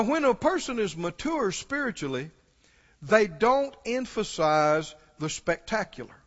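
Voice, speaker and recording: A man preaching a sermon with passion, asking his listeners questions and rising to exclamations. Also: sits high. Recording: dull lo-fi sound with long hall reverb.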